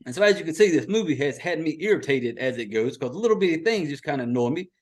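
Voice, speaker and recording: A middle-aged man, exasperatedly recapping a movie in a profane, animated podcast rant. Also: a little high, fast. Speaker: podcast host.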